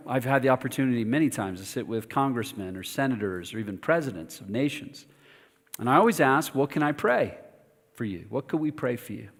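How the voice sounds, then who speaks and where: A pastor preaching a sermon, telling a personal story in an animated, self-mocking way with lively asides. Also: male voice, mid-range voice. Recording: long reverb of a church hall.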